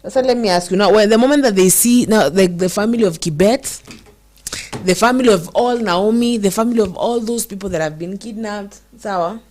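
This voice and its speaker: At medium pitch and with a darkish tone, a young Kenyan woman hosts casual commentary and reads comments from viewers. She moves between English and Swahili emotionally, stretching out words to stress them.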